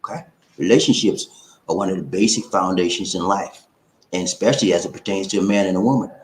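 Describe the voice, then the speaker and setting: A man's voice: low-pitched, fast talker, roomy sound, slight background noise. A man hosting a relationship advice channel, talking to viewers in a loose, colloquial way and hyping them up. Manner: chatty, sings snippets and hypes up viewers, laughs often. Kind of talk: casual talk to camera.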